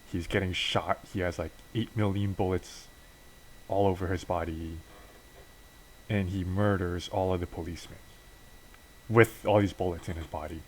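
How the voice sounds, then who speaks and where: Man, deep low voice, casual storytelling, rambling fillers. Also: a little hiss or hum, low-quality recording. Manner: offhand, filler-heavy retelling. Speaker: game narrator. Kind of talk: casual narration of a wrestling sim storyline.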